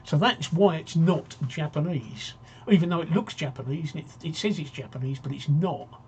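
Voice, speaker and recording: A man's voice: a little high, moderate pace, darkish tone, dull audio, slight background noise. A man hosting a casual live-stream talk show, rambling and joking as he reads out viewer comments.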